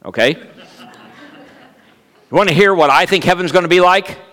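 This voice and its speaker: A man's voice: high voice, moderate pace, a bit bright. A man in his fifties preaching a sermon as a guest speaker, telling funny stories and bantering with the congregation. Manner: humorous, storytelling, jokes with the congregation. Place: church sanctuary. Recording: long church reverb.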